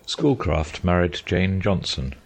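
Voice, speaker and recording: A man narrating an audiobook with measured, careful delivery. His voice is remarkably deep and low. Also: animated. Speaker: audiobook reader.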